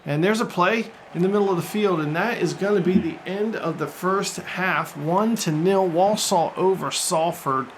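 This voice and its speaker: Excitable man doing mock football commentary. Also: high-pitched, moderate pace, hardly any pauses, a little hiss or hum. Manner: mock sportscaster, excitable, jokey. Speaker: gaming YouTuber. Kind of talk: let's-play commentary.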